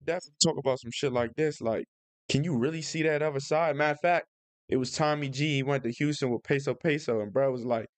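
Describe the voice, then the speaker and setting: A man's voice: medium pitch, fast talker, no echo. Slangy young man, dry close sound. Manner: profane, slangy and loose. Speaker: reaction video host. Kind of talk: casual reaction commentary.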